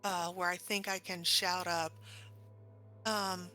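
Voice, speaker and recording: A woman's voice: on the low side, flat delivery, slow pace, pauses often, no room sound, faint music behind. An American woman playing a tabletop game, chatty and casual, talking to her party in character. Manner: chatty and bright, says y'all. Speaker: player.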